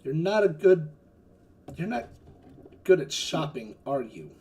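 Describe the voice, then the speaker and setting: A man's voice: fairly high pitch, big pitch swings, unhurried, a little mellow. A man voicing a bored, condescending woman herb seller in her twenties during a tabletop game. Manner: dry, sarcastic put-downs. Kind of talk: tabletop role-play in character.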